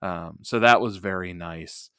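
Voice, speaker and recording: Podcast co-host, male, low voice, rambly and animated, dry booth sound. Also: measured pace, clean tone, dry recording. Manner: animated, rambling with many fillers. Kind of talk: casual chat reviewing a wrestling match.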